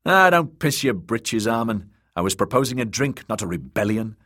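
A man's voice: mid-range voice, sing-song, normal speed, dry recording, clean studio sound, voice pushed up. A man voicing a brash, boisterous young man in a tavern. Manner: loud, boisterous, blustering. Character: brash, rowdy young male drinker.

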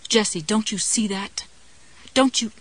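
A woman's voice: mid-range voice, a little slow, poor audio. A woman reading an audiobook, voicing a blunt, furious inner voice of a woman that interrogates and accuses. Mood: accusing. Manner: angry, sharp, interrogating.

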